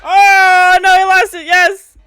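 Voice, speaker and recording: A young woman hosting a movie reaction, excitable and laughing often as she acts out the characters. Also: very high voice, takes it slowly, soft background music. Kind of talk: casual movie reaction commentary.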